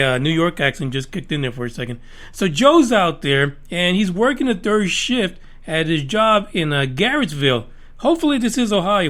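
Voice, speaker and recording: Profane, high-voiced rambling podcast host. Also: male voice, fairly bright tone. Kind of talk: casual podcast monologue.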